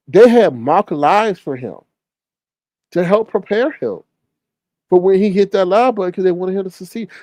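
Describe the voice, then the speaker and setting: A man's voice: sits high, warm tone, no echo. A man hosting a livestream, chatting casually and gossiping in a sassy way while reading the chat. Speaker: livestream host.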